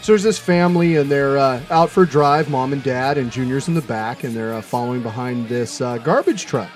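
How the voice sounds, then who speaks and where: A man's voice: medium pitch, brisk, faint music behind. A man co-hosting a podcast, joking crudely and laughing often. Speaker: podcast co-host. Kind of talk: casual crude banter.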